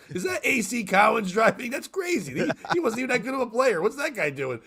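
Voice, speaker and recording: A man with a high, lively voice talks fast and bright with few pauses as he hosts a live morning talk stream. This podcast host chats loosely, joking and laughing often.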